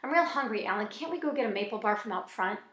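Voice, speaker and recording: Woman reading as a quiet, troubled teenage boy. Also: medium pitch, animated, quick pace, close to an everyday voice. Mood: flat. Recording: echoey room.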